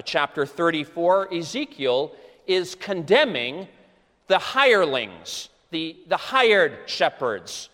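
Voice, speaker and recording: Guy preaching a sermon, kinda high voice, chatty asides, big church echo. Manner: conversational, animated storytelling with asides. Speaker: pastor. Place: church sanctuary. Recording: long reverb of a church hall.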